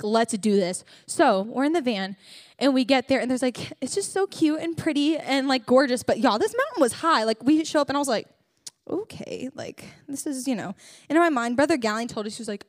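A woman's voice: high-pitched, expressive, a little fast. A young woman giving a humorous, chatty sermon testimony as a church speaker, joking and talking straight to the congregation.

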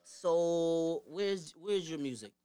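A young man hosting an internet radio chat, joking and quick to talk over his guest. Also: fairly high pitch, dark tone. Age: young adult.

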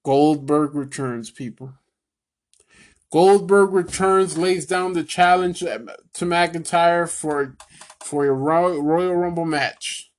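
A man's voice: a little high, slow. A man giving a casual solo wrestling rant, rambling with fillers and calling his viewers "people", and getting worked up and cursing. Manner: swings from excited to angry ranting, swearing. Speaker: wrestling commentary vlogger.

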